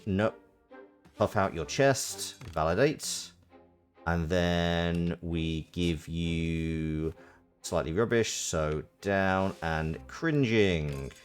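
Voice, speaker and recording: Deep, slow-talking male streamer. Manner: muttering to himself while working through steps. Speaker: game streamer. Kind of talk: casual let's-play commentary. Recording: live stream with faint game music.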